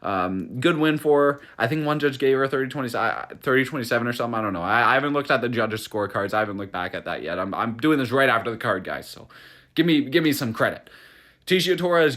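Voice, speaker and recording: A young man hosting a casual fight recap, talking in a profane, excitable rant with many restarts. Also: mid-range voice. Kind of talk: casual solo recap vlog.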